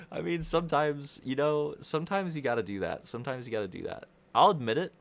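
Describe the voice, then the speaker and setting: A man's voice: fairly high pitch, a little fast, creaky, fairly bright tone. A young man rambling through casual livestream race commentary, profane and constantly interrupting himself.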